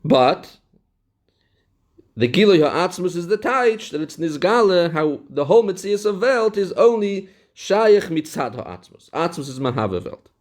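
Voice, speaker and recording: A fairly high-voiced man, teaching a text lesson in a sing-song study cadence. He reads a Hebrew passage, then unpacks it, circling back over the key terms to drive the point home. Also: very animated, measured pace. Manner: reads Hebrew passages aloud, then explains them in Yeshivish English. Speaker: Torah teacher. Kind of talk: Talmudic-style text lesson.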